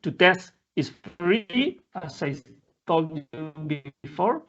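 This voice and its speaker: Halting man in a slow, dull-sounding software demo. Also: fairly high pitch, expressive. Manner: halting, many fillers and restarts; speaks non-native English. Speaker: presenter. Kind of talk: live software demo talk. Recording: dull lo-fi audio.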